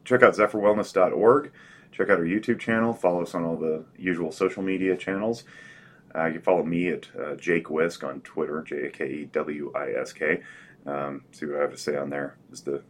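A man's voice: extremely low pitch, steady tone, a little fast. A man hosting a podcast in a casual, rambling way, full of fillers and restarts. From Northern Nevada. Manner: rambling, self-correcting, with many fillers. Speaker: podcast host.

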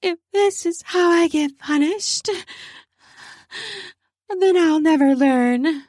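A woman voicing a breathless young woman in an adult audio story, with a breathy voice and high gasping cries. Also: slow, a little mellow, dry recording, studio quality. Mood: giggly teasing. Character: breathless young woman being playfully punished.

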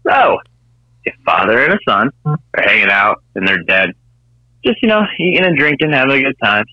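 A man leaving a rambling voicemail for a show, telling a long joke in a relaxed storytelling way. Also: mid-range voice, moderate pace, no echo. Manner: rambling storyteller, chuckles at own punchline. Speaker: caller. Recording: dull lo-fi phone voicemail.

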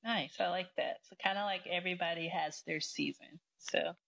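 A woman's voice: lowish voice, normal speed, gravelly, fairly bright tone, rough recording. A woman hosting a podcast, encouraging her guest and laughing often in casual chat. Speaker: podcast host. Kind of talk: casual conversational interview.

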